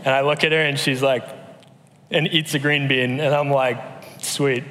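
A man in his thirties giving a conversational sermon, telling stories in a relaxed way with frequent fillers and restarts. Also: mid-range voice, moderate pace, a crowd in the background. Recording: long hall reverb.

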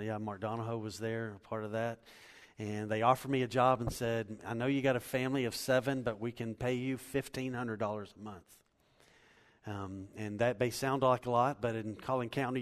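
Preaching in a large hall, a medium-pitched pastor in his forties keeps his sermon conversational, easy, and personal, with laughing asides.

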